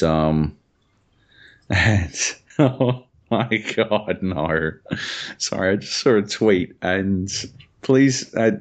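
A young man chats casually on a podcast. He rambles through anecdotes, swears freely and breaks into laughter often. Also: lowish voice. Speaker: podcast co-host. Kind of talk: casual chat.

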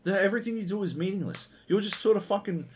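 Animated, exasperated man ranting. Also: sits high, quick pace, a little hiss or hum. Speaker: podcast co-host. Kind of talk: casual ranting game review.

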